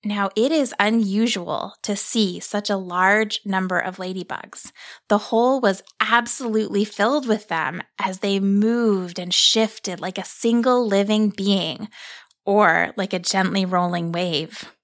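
A woman narrating a gentle story in a calm, explanatory way, stopping to explain things as she goes. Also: mid-range voice, unhurried.

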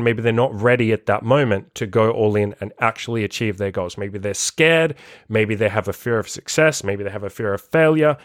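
A man's voice: mid-range voice, no room sound. Man, podcast host, life coach, emphatic, swears a lot, dry room. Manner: blunt and emphatic, swears freely. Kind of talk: solo motivational podcast monologue.

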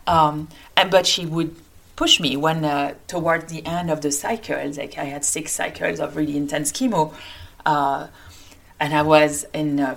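A woman physician with a French accent, hosting a solo podcast in an earnest, hopeful way with many fillers. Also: deep voice. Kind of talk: casual solo podcast talk.

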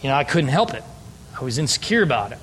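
A man's voice: medium pitch, big pitch swings, quick pace, a bit bright, husky. A man preaching an emphatic, story-driven sermon as a pastor. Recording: long hall reverb.

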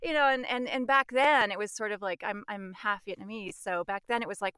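A middle-aged American woman, a voice actress, tells her story in an interview, animated and laughing often between restarts. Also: mid-range voice, normal speed, clear, resonant tone, no room sound. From United States. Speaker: voice actress guest.

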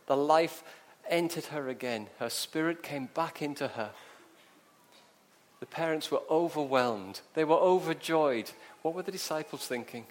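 A man's voice: a little high, unhurried. A man preaching a sermon, telling the story vividly and asking rhetorical questions.

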